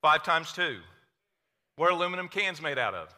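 A man with an Oklahoma accent preaching a sermon to a church congregation, energetic and playful, quizzing the crowd. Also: fairly high pitch, moderate pace. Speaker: pastor. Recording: long hall reverb.

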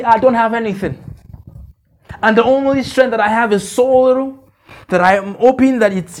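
A male pastor preaching a conversational sermon at a church conference, repeating phrases and checking in with the congregation. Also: sits high.

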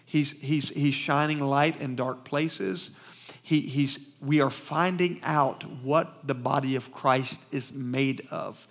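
In a church sanctuary, a man with a Southern US accent preaches a sermon, fast-talking and emphatic, calling out for responses from the congregation. His voice is on the high side.

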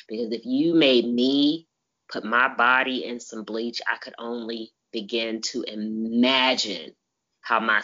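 Deep-voiced woman host ranting in casual chat, laughs a lot, kinda muffled audio. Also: bright, forceful tone, slightly rough. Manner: emphatic and exasperated, laughs often. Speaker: podcast host.

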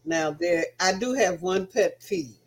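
Older woman, slow and lively. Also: fairly low pitch, husky, poor audio. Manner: motherly, giving advice, lively and laughing. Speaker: guest co-host, host's mother. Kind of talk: casual chat.

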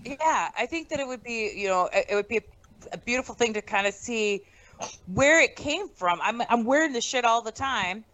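Animated, profane woman telling a story. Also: a little high, moderate pace, muffled recording. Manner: animated, profane storyteller who acts out quotes. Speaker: comedian guest. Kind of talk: casual podcast storytelling.

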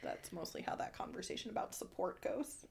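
A woman's voice: mid-range voice, expressive, fairly quick, vocal fry, darkish tone. A woman co-hosting a podcast in casual chat, affirming her partner with playful asides. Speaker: podcast co-host.

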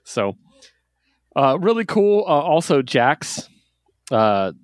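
A man co-hosting a casual podcast, talking about comics with excitement and frequent laughs. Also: fairly high pitch, takes it slowly, no room sound, clean studio sound. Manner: excited, laughs often, acts out quotes. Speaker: podcast co-host reviewing comics. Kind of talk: casual chat.

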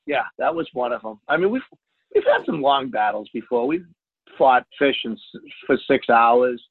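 A man, a fishing charter captain, telling a story in a casual interview, animated and loud at the high points. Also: normal speed, slightly rough, dry recording. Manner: animated, jumps to loud exclaims when retelling. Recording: dry tinny phone line.

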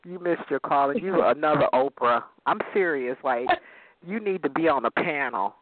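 A woman calling in to a talk program, speaking in an excitable, effusive way. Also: low-pitched, moderate pace, a little hiss or hum. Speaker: caller. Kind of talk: call-in talk. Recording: tinny phone line.

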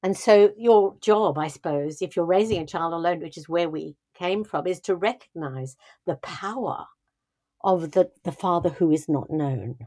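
An older woman speaks in a warm, mellow voice, recorded dry and close. She tells her stories thoughtfully, circling back with restarts and "you know" as she talks about raising children. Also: fairly low pitch, normal speed, no room sound. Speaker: guest speaking on parenting. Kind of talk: reflective conversational storytelling.

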